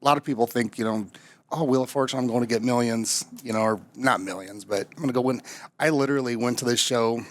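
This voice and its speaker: A man's voice: medium pitch, fast, no echo. A man from Nebraska telling a chatty, jokey story as a guest, a frog in his throat. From Omaha, Nebraska. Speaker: guest, camper finance manager. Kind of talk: casual storytelling.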